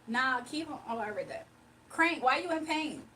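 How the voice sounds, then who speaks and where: Chatty high-voiced woman streaming live. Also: lively intonation, moderate pace, bright, forceful tone. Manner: chatty, reacts to chat, laughs often. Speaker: livestream host. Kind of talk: casual livestream chat. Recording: voice from a distance with faint background noise.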